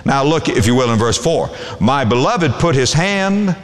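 A man's voice: medium pitch, big pitch swings, normal speed. A man preaching a sermon as pastor, reading scripture aloud in old English and swinging his voice up and down for emphasis. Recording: long hall reverb.

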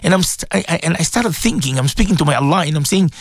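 A man hosting a casual morning radio talk show, speaking in a fairly high voice that swings widely up and down. He is animated, often repeats his words, and pleads and exclaims at his listeners. The sound is dry and close, with no room echo. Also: fast. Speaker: radio show host addressed as Maulana.

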